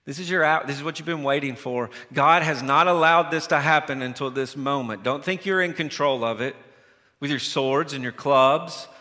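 A preacher acting out a stern grown man scolding a band of armed men, his voice high and bright as it mocks them with sharp sarcasm. The taunts ring out through a hall with a long echo. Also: moderate pace. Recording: long reverb of a large hall.

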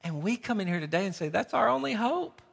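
A male pastor delivers an impassioned sermon, his voice climbing loud on the key phrases. His tone is bright and forceful, a little higher than most men's. The sound rings out with the long reverb of a large hall. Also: animated, fast talker, creaky, slightly rough.

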